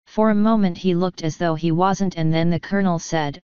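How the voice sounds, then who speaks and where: A woman reading an audiobook in calm, even, scripted narration. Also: on the low side, moderate pace, few pauses, smooth, dry recording. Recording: dull lo-fi sound.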